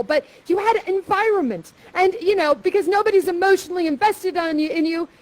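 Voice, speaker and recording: Playful high-voiced woman directing a live show. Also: slight background noise. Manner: playful, theatrical, directing others, repeats "that's right". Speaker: actor guiding players through a live show. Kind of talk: interactive live theater.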